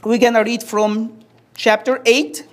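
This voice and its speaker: Woman preacher with a fairly high voice; sermon with call-and-response and rhetorical questions. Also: level tone, unhurried.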